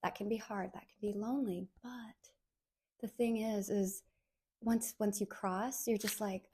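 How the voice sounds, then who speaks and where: A woman in her thirties talks through her own podcast in a heartfelt, earnest way, often saying a word twice to lean on it. Her voice sits at a middle pitch with a mellow, warm color. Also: fairly even intonation, measured pace, slightly rough. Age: 30s. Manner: earnest, heartfelt, repeats words for emphasis. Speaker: podcast host. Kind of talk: solo podcast monologue.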